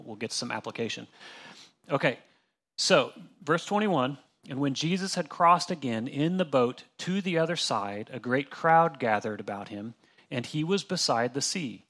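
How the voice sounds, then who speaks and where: A man's voice: medium pitch, a bit bright. A young man leading a casual Bible study, talking through a passage verse by verse in an easy, conversational way. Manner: conversational, with restarts and acted-out asides.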